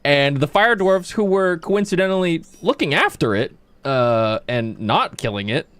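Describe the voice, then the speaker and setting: A man's voice: fairly high pitch, big pitch swings, measured pace, a bit bright, clear, resonant tone, no echo. A man casually chatting on his livestream while gaming, rambling with plenty of fillers, restarts and swearing.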